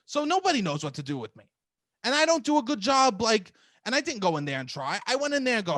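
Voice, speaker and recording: A man co-hosting a podcast, telling profane, animated stories about auditions and laughing often. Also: high-pitched, a little fast, dry recording, clean studio sound. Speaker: podcast co-host, comedian. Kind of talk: casual storytelling chat.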